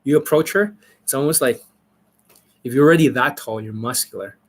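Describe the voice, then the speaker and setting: A man's voice: medium pitch, brisk, breathy edge. A man coaching on a live stream, answering viewers in a blunt, profane, rambling way. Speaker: dating coach.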